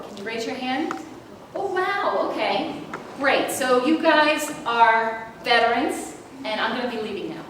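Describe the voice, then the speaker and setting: A middle-aged woman giving an intercultural workshop, lively and laughing often as she asks her audience questions. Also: a little high. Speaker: intercultural trainer. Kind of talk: presenting a workshop. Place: meeting room with an audience. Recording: echoey room, distant mic, background noise.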